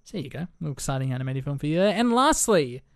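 A man co-hosting a casual film podcast, animated and joking, sometimes stumbling over words. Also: a little high, very fast, creaky. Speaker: podcast co-host.

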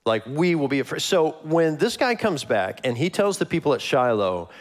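A man preaching a conversational sermon as a pastor, animated and acting out the lines he quotes. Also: fairly high pitch, normal speed, hardly any pauses.

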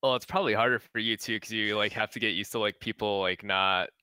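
A man chatting quickly and casually as a podcast guest. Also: on the low side, fairly even intonation, bright, forceful tone, smooth, no room sound. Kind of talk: casual chat.

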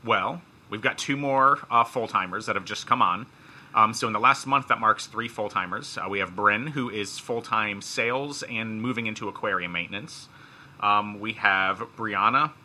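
A man's voice: lowish voice, moderate pace, pushed and bright. Joking man hosting a podcast. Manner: joking, rambling, laughs at own jokes. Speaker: podcast host. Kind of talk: casual chat.

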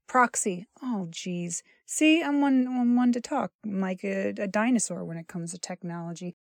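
A woman's voice: mid-range voice, no echo. A woman hosting a podcast who reads the credits and drifts into joking, self-deprecating asides, talking with a sore jaw that she can barely open. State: struggling to open her mouth. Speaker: podcast host reading credits. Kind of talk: casual, rambling credits read.

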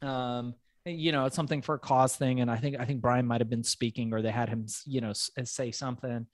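A man recounts a wild anecdote on a podcast in a mid-range voice, animated and profane. The sound is dry and close, with no room echo around him. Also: medium pitch. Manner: profane, animated, quick laughs. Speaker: podcast guest. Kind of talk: animated storytelling.

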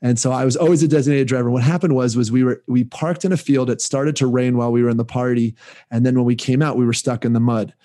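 A man's voice: mid-range voice, fairly even intonation, fast, dark tone. A man co-hosting a casual podcast, telling rambling, self-reflective stories. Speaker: podcast co-host. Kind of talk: casual chat.

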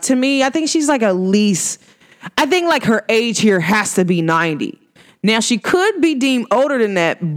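A woman telling stories in a casual podcast monologue, speaking with slangy, animated delivery and laughing often as she acts out what people told her. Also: a little high. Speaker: podcast host. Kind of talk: casual spiritual storytelling monologue.

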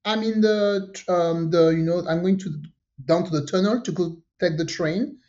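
Woman storyteller, low voice, lo-fi. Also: moderate pace. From France. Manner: animated storyteller, acts out quotes, laughs often. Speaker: podcast co-host. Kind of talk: casual chat, storytelling. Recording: dull lo-fi sound.

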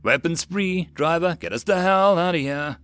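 A man's voice: mid-range voice, expressive, normal speed, no echo, close to an everyday voice. A man voicing a tense male sergeant in an audiobook, barking terse orders over the radio. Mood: commanding.

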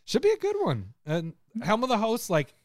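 A man's voice: high-pitched, huge pitch swings, normal speed, no room sound, studio quality. A man in his thirties co-hosting a casual podcast, laughing often and telling stories with animation. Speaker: podcast co-host. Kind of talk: casual chat.

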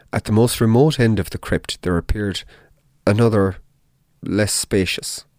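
A man narrating a dark tale in the first person, in a measured, deliberate audiobook reading. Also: low-pitched, no echo, clean studio sound.

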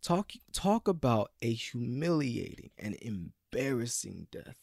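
Impassioned gravelly male preacher. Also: mid-range voice, very animated, a little slow, no room sound, clean studio sound. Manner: impassioned, swings from loud pleading to hushed whispers. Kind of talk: sermon.

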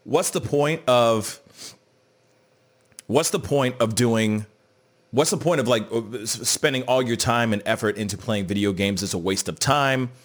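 A young man hosts a laid-back morning show, talking in a loose, rambling way full of ums and uhs. His voice is still a little rough with morning crack, sitting at an ordinary male pitch. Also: unhurried. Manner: loose, rambling, frequent fillers. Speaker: show host. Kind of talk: casual morning show chat.

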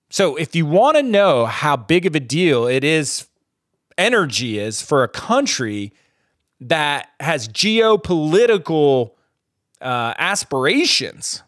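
Blunt, profane American podcast ranter. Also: male voice, a little high, fairly bright tone, no room sound, clean studio sound. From United States. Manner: rambling, with restarts and trailing off. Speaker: podcast host. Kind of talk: solo podcast rant.

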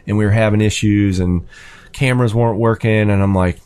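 A man's voice: on the low side, fairly even intonation, fairly quick, darkish tone, clean tone. A man with a thirteen-year-old son, telling a casual anecdote with lots of fillers and restarts. His voice climbs sharply when he quotes himself or his son. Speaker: storyteller in a hobby chat.

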